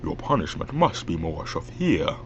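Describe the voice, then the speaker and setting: A man putting on a menacing masked villain, breathy muffled whisper, slow and heavy, gravelly, dull recording with faint hiss. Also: a bass voice, sing-song, pitched below the performer's own voice, full character voice. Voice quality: breathy, whispered, muffled through a clamped nose. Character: menacing masked male villain, cold and threatening.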